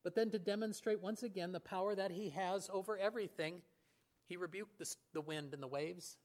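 A man preaching a sermon in an earnest way, often slowing and dropping to a near whisper on key words. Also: sits high. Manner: earnest, with fillers and restarts, voice swings between hushed and raised. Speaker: pastor.

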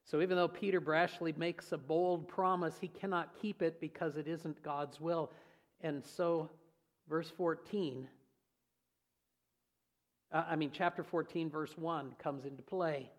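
A man preaching a sermon in a folksy, humorous, lively storytelling way. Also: on the high side, unhurried. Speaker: pastor.

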